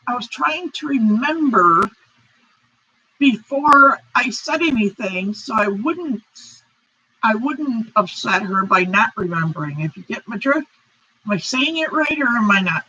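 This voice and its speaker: Slow, apologetic woman chatting on a live stream. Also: a little high, lively intonation, sharp tone, slight background noise. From United States. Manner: apologetic, rambling, reads chat aloud. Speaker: crochet channel host. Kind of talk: casual live-stream chat. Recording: dull lo-fi stream audio.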